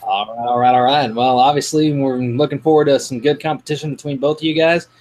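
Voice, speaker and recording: A man's voice: medium pitch, fairly even intonation, fast talker, darkish tone, low-quality recording. A man co-hosting a trivia show, casually interviewing the players and teasing them. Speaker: co-host and interviewer.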